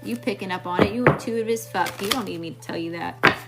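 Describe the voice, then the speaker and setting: A woman's voice: mid-range voice, quick pace, loud music behind the voice. A woman from Mississippi with a Southern accent, giving a blunt, slangy live tarot reading straight to her viewers. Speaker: tarot reader.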